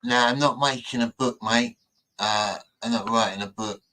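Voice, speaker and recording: A man's voice: mid-range voice, moderate pace, sharp tone, rough recording. A man chatting casually and rambling into a desk mic, joking and bragging as he reacts to clips. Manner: rambling, jokey and boastful. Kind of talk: casual chat.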